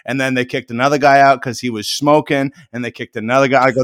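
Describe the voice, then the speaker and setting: A man's voice: mid-range voice, fast talker, smooth. A man telling stories on a podcast, acting out the voices of the people in them. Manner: animated storyteller, acts out quotes. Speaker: podcast co-host. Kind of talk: casual chat.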